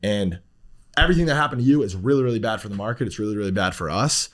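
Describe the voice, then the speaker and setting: Man in his thirties, podcast guest, blunt rambling talk, lots of swearing, lowish voice. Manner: blunt, swears often, fast rambling with fillers.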